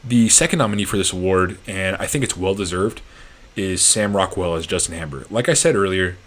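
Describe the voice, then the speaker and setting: A man's voice: low voice, brisk, a bit bright. A young man casually reviewing a movie as a podcast host, rambling and restarting his sentences, laughing easily.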